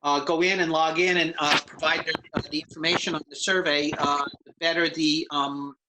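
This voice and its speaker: A man, a public health researcher, giving an update to a county meeting with many pauses and fillers. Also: a little high, little pitch movement, very noisy. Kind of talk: briefing a meeting.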